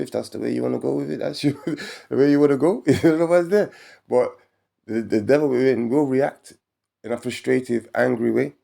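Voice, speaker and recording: A man an edge, talking in an animated, preachy, rambling way about spirituality and laughing often between points. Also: medium pitch, creaky. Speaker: vlogger.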